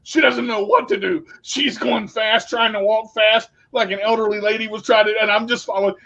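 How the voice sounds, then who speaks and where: A man co-hosting a casual talk show, telling stories in a blunt, animated way and swearing freely. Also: sits high, fairly quick. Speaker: podcast co-host. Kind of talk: casual storytelling chat. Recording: dull lo-fi recording.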